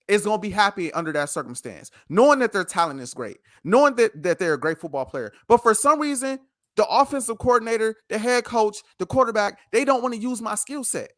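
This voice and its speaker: A man's voice: very high-pitched, a bit bright, no echo, studio quality. A man co-hosting a sports podcast, ranting passionately and repeating himself for emphasis in a heated debate.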